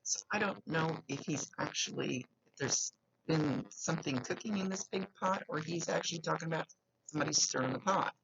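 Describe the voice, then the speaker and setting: A woman's voice: deep voice, fairly quick, gravelly, fairly bright tone, breathy edge. A woman psychic medium with a slight lisp, giving an earnest, reassuring reading and repeating key phrases. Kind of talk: giving a spoken reading to a client. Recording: dull lo-fi recording.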